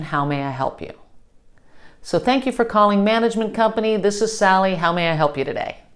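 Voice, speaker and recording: A woman teaching a customer service lesson, upbeat and checking in often with "okay?". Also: fairly low pitch. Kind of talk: instructional lesson.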